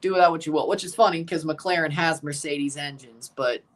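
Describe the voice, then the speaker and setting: A man's voice: fairly high pitch, a little fast. A man hosting a live watchalong, chatting casually in a rambling, sarcastic way and swearing freely. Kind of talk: casual live reaction chat.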